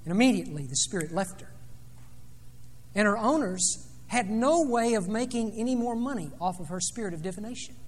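High-voiced preacher man in a reverberant hall. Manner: dramatic storytelling with sweeping swings in loudness. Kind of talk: sermon. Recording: long reverb of a large hall.

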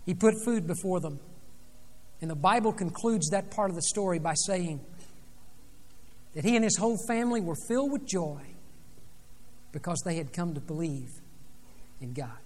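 A man preaching a sermon, retelling a scripture story dramatically, rising loud and dropping soft. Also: sits high, lively intonation, moderate pace, pauses often. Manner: dramatic storytelling with sweeping swings in loudness. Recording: long reverb of a large hall.

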